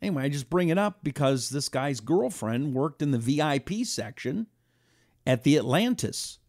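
Animated talk show host man. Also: fairly high pitch, normal speed, no room sound, studio quality. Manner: animated storytelling, acting out quotes. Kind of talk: talk radio monologue.

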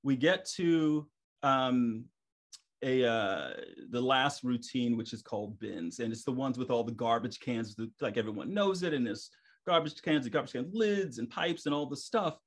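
A middle-aged man, a stage performer guest on a podcast, telling stories in a lively way and acting out his own thoughts. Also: medium pitch, moderate pace. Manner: animated, acts out his own inner thoughts. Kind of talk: casual storytelling interview.

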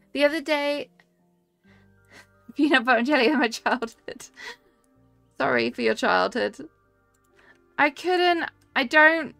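Young woman, game streamer, casual and giggly, slightly high voice. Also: gravelly, bright, forceful tone, no room sound. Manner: chatty, reads and answers chat, giggly. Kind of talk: casual live-stream chat while playing.

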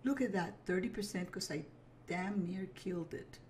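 A woman's voice: on the low side, normal speed, darkish tone, slight background noise. A woman giving casual running commentary while playing a video game, talking to herself and apologizing with little giggles. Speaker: gaming video creator. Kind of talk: casual let's play commentary.

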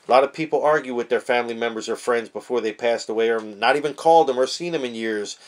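A man preaching casually to camera, fervent, swinging between hushed earnest talk and shouted praise, with street slang. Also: mid-range voice, quick pace. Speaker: online preacher.

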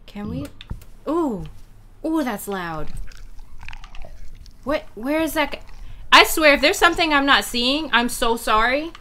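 Woman, horror game commentary, jittery, hushed mutters to frantic yelps, slow pace, bright sharp tone. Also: sits high, lively intonation, slight background noise. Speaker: video game player.

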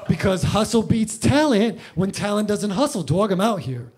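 A man's voice: high-pitched, animated, normal speed, crowd noise. A man voicing a hyped-up male street hustler, slangy and preachy. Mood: boastful.

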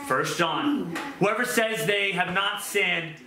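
A man preaching a sermon to a small group in an earnest, conversational way, with quick asides and questions to his listeners. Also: high-pitched, crowd noise. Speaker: pastor. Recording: echoey room with background noise.

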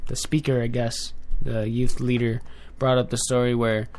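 A man's voice: mid-range voice, level tone, normal speed, darkish tone. A young man hosting a casual online radio show. He talks off the cuff to his listeners, rambling and often correcting himself along the way. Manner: rambling, with frequent self-corrections and filler; chatty and direct with listeners. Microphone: headphones with a desk mic.

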